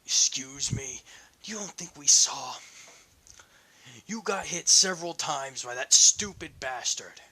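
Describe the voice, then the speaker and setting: A man's voice: fairly high pitch, bright, forceful tone, breathy edge, full character voice. A man doing Eugene, an exasperated scolding friend. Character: angry loyal male friend scolding.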